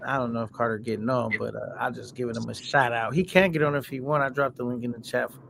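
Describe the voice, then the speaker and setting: Gravelly guy on a livestream, chill slangy chat, reads the comments out, lil bit of hiss. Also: medium pitch, fairly even intonation, fast talker. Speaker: livestream host.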